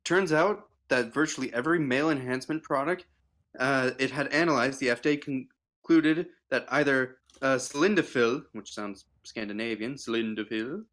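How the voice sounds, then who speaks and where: A man's voice: medium pitch, moderate pace, a bit bright. A man reading an article aloud on a casual livestream, stumbling with fillers and restarts.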